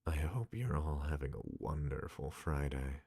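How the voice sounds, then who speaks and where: A man's voice: rumbling low, lively intonation, a little slow, mellow, slightly rough. A male streamer chatting casually with his live audience, teasing and bantering with some swearing, close to the microphone. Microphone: close desk microphone.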